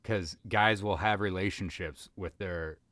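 A man's voice: low-pitched, measured pace, a bit bright, no echo. A man co-hosting a comedy podcast, rambling through jokes in casual chat. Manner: rambling, many fillers and restarts. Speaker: podcast co-host.

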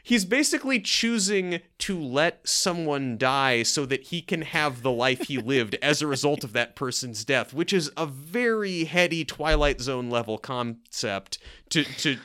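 Podcast co-host, male, playful and rambling, bright clean voice. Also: on the high side, unhurried, few pauses. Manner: animated, joking, rambling with many restarts. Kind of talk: casual movie-review chat.

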